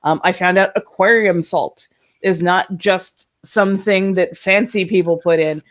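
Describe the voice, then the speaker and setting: A woman's voice: on the low side, steady tone, measured pace. A woman co-hosting a casual chat, telling a story animatedly, acting out voices and laughing often, heard over a video call. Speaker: podcast co-host.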